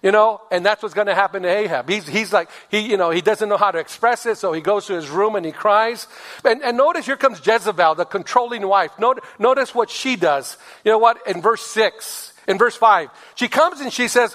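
Male pastor preaching, high voice, punchy and repetitive, long church reverb. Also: fairly quick, a bit bright. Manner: emphatic, repeats phrases, calls for amens. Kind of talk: sermon. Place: church sanctuary.

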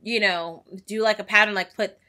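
A young woman gaming YouTuber giving casual, excitable, self-mocking commentary as she plays. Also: mid-range voice, normal speed. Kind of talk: casual let's-play commentary. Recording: faint game music behind.

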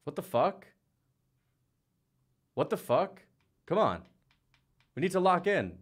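His voice sits high and he takes it slowly while hosting a fight-reaction stream, loose and profane, with excitable outbursts as he reads out donations from viewers.

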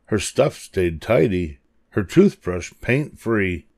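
An older man reading a children's picture book aloud, expressive and animated. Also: sits low, slow pace, dry recording, clean studio sound. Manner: expressive, animated voices for characters. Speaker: storybook reader.

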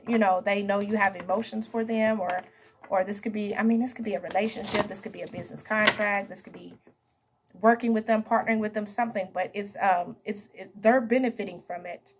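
A woman's voice: medium pitch, slight background noise. A woman giving a casual tarot reading to camera, chatty and emphatic, calling her viewers honey and baby. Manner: emphatic, repeats herself. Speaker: tarot reader.

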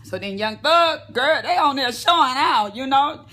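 A woman's voice: high voice, animated, normal speed, pushed and bright. A woman vlogger lying in bed at home, gossiping about celebrities in a chatty, profane way and talking straight to her viewers. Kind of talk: casual celebrity gossip rant.

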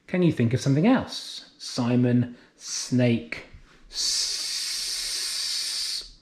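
A man teaching a phonics lesson to young children, drawing out letter sounds slowly and clearly. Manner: slow, drawn-out sounds with lively, sing-song pitch. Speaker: nursery teacher. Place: classroom or home, recorded for remote learning.

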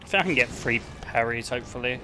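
A man's voice: medium pitch, fast talker, background noise. A young Englishman riffs through casual gameplay commentary. He jokes crudely and swears freely, with an everyday mid-range voice. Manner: crude, joking, swears a lot. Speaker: streamer.

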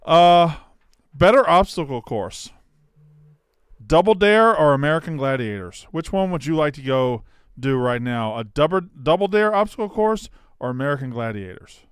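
Excitable joking podcast co-host man. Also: fairly high pitch, moderate pace, clean tone, dry recording, studio quality. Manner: joking, excitable, shouts along while watching clips. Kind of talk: casual sports podcast chat.

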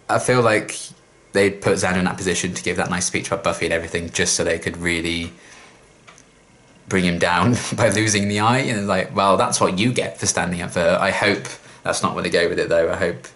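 A young man with a lower voice, ranting in an exasperated, sweary way about a TV episode he reacts to. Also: fairly bright tone. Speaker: reaction video host. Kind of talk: casual reaction rant.

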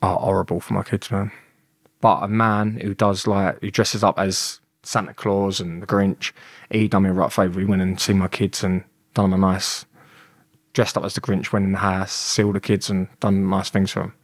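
A man's voice: sits low, normal speed, no room sound, clean studio sound. A young man, a podcast guest telling blunt, sweary stories and acting out who said what. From London. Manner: animated, acts out quoted exchanges, blunt and sweary. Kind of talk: casual storytelling interview.

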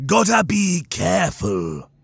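A man's voice: sits high, huge pitch swings, vocal fry, slightly rough, no echo, soft background music, pitched above the performer's own voice, heavily acted. A man voicing a greedy, snarling male reptilian bounty hunter in an audiobook, drawling and leering. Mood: conspiratorial. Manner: drawling, leering, slow and gloating. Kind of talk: audiobook character voice.

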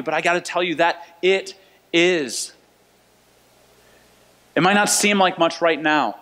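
Man, pastor, conversational sermon, repeats key phrases, somewhat high voice, long church reverb. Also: bright, forceful tone. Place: church sanctuary.

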